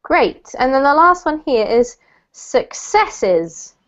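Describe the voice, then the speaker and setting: Woman, online english teacher, patient explainer, higher voice, dull lo-fi sound. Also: sing-song, a bit bright. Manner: patient, explains slowly, corrects pronunciation. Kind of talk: live online class.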